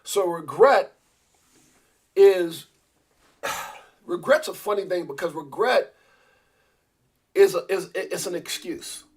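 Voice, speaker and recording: Husky-voiced man rambling on a livestream. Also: sits high, expressive, slow, pauses often. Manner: rambling, with many restarts and repeated words; addresses viewers and a co-host directly. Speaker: crypto livestream host. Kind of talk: casual live-stream talk.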